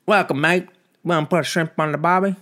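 A man's voice: a little high, steady tone, voice pushed up. A man putting on a hammy mock-Australian bloke. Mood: jokey. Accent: put-on Australian. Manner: hammy, loud, deliberately bad impression. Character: exaggerated jokey Australian bloke, male adult.

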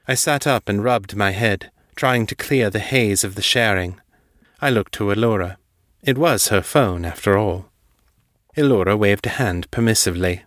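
A man narrates a dark urban fantasy novel in a measured, even storyteller's voice. His tone sits low and the recording is close and dry, with no room sound. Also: no echo. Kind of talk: scripted audiobook narration.

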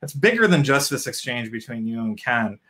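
A man's voice: medium pitch, sing-song, moderate pace, sharp tone. A man hosting an interview, talking in a chatty, upbeat way full of "you know" and "um" fillers. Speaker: show host. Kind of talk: casual interview chat.

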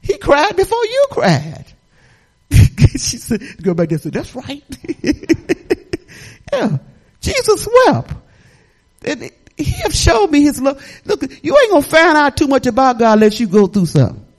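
A middle-aged woman pastor preaching a sermon in a lively, folksy way, laughing and talking back to the congregation. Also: high-pitched, unhurried, pauses often.

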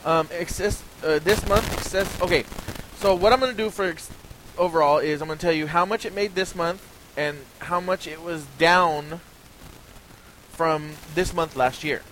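A man's voice: a little high, normal speed, a bit bright, rough recording. A man hosting a casual gaming podcast, reading out sales figures with lots of ums and restarts. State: slightly hoarse from talking. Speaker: podcast host. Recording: faint hiss.

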